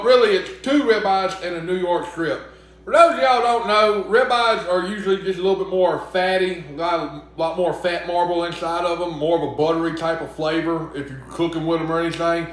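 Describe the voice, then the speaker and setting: Brief: young Southern man with a high voice, cooking vlog, chatty and teasing, very echoey kitchen. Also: normal speed, a bit bright, a little hiss or hum. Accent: Southern US (Mississippi). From Mississippi. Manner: chatty, joking, talks back to imagined critics. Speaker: cooking vlogger. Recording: very echoey room.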